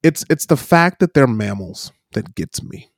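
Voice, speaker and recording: Animated man telling stories, dry sound. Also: mid-range voice, a little slow, no room sound. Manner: animated storyteller, acts out quoted voices, many "right?" tags. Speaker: podcast co-host. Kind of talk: casual chat, storytelling. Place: lives in New Zealand.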